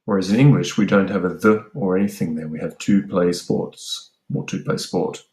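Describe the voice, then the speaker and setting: A man with an Australian accent giving a relaxed French lesson, slowing down to say each French word clearly. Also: sits low, echoey room. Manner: explains plainly, slows down for French words. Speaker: French teacher. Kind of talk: casual spoken lesson.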